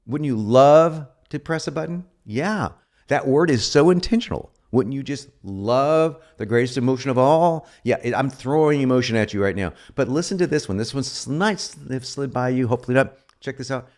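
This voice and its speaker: A man giving an informal copywriting lesson, animated and joking as he explains. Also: medium pitch, moderate pace. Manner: animated, joking asides, lively delivery. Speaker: copywriting instructor. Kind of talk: informal teaching.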